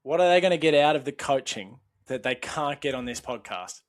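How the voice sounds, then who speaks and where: An Australian man co-hosting a relaxed podcast. He asks questions and teases his co-host with mock-serious remarks, in an easy conversational rhythm. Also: mid-range voice, a little fast. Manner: teasing, mock-serious banter. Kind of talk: casual chat.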